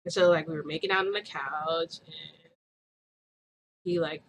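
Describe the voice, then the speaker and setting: A woman's voice: low voice, fairly even intonation, measured pace, slight background noise. A woman vlogger telling a story to her viewers in a chatty, gushing way, often giggling and calling them "guys".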